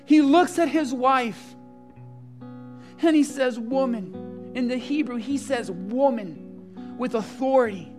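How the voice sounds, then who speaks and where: A pastor preaching a sermon at a church service, swinging from hushed, tender passages to loud, passionate appeals and calling out to the congregation. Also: high voice, measured pace. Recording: live sermon with guitar playing underneath. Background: soft guitar music.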